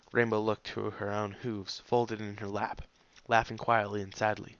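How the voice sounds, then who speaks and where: Male narrator, measured storybook reading, bright tone, dull lo-fi mic. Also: fairly low pitch, flat delivery, no echo. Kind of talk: audiobook reading of fan fiction.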